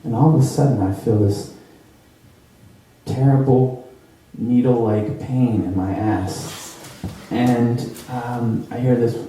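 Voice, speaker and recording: A young man telling a comedic true story at an improv show, rambling with lots of fillers and jumping into high squeaky voices for the people in it. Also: takes it slowly, dark tone, slight background noise. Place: theater stage. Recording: roomy, distant live stage recording.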